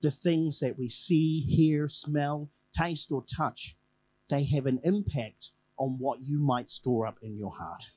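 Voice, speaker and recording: A man's voice: on the high side, fairly even intonation, takes it slowly, darkish tone, low-quality recording. A man preaching a conversational evening sermon, telling a personal story and repeating key phrases for emphasis.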